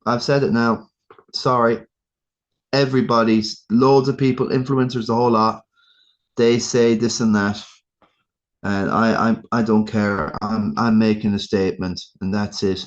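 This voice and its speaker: A man's voice: lowish voice, steady tone, measured pace. An Irish man hosting a casual fantasy football review, rambling and ranting in exasperated asides. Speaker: fantasy football league host. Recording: dull lo-fi sound.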